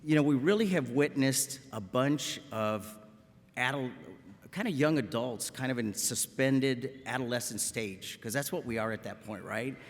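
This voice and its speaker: A man's voice: medium pitch, unhurried, a little hiss or hum. A man in his fifties from South Texas with a South Texas accent, giving a commencement address as a medical school professor in a folksy, joking way, often adding a questioning "okay?". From Rio Grande Valley, South Texas. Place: large auditorium at a graduation ceremony. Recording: echoey auditorium with long reverb.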